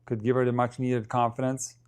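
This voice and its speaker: A man's voice: mid-range voice, level tone, a little fast, a little mellow, clean tone. A man giving casual live commentary on a match, thinking aloud and talking to his viewers.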